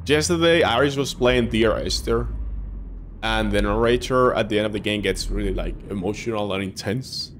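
A young man giving jokey, excitable commentary while playing a game, swearing and reacting loudly. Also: fairly low pitch, moderate pace, a little hiss or hum. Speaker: gaming streamer. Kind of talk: let's play commentary. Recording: music playing behind.

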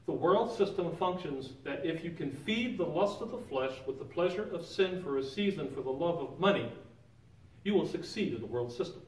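A man runs an informal Bible lesson in a big church sanctuary, relaxed and conversational, pausing to quiz the people in the room with questions. His fairly high voice, at a moderate pace, rings around the space; he sounds far from the mic, with a roomy echo and a faint hiss underneath.

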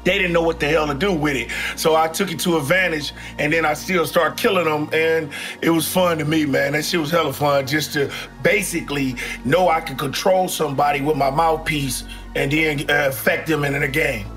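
A man's voice: fairly high pitch, fairly even intonation, fairly quick, fairly bright tone, soft background music. A former basketball player boasting casually about his game, swearing freely.

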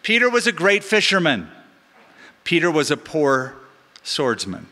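A middle-aged pastor preaches with a bright, ringing voice pitched a touch above most men. He teaches in an animated way and slips in joking asides. His words carry a long reverb from the big church hall. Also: unhurried. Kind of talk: sermon. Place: large church sanctuary.

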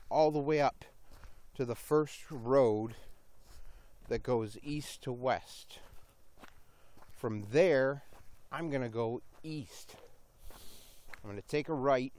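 A man's voice: mid-range voice, a little mellow. Rambling, swearing man on a walk. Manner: rambling, swearing, talking to himself; a little giddy and hyper. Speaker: vlogger. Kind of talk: casual walking vlog. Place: outdoors along a roadside.

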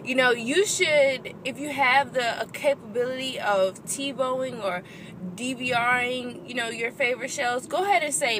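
A woman's voice: high-pitched, moderate pace, noisy background. A young woman talking casually and earnestly about marriage, encouraging listeners and often saying "you know". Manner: earnest, encouraging, filler-heavy. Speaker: vlogger giving marriage advice. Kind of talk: casual talk to camera.

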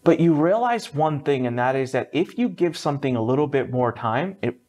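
Guy in his 30s on a podcast, storytelling, lively up-and-down voice, kinda casual w some swearing. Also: fairly quick. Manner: lively, swings up high for quoted voices, mild swearing. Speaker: guest entrepreneur. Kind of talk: animated storytelling in a podcast interview.

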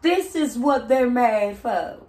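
High-voiced woman giving a roomy tarot reading. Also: slow pace. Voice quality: expressive, blunt and profane, bursts into sing-song chants. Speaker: tarot reader. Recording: roomy echo, set back from the mic.

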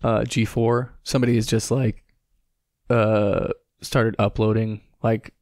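A man's voice: lowish voice, little pitch movement, a little slow, darkish tone, dry recording, clean studio sound. A man co-hosting a podcast, chatting casually and rambling with lots of fillers and swearing. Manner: rambling, profane, many fillers and restarts. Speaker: podcast co-host. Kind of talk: casual chat.

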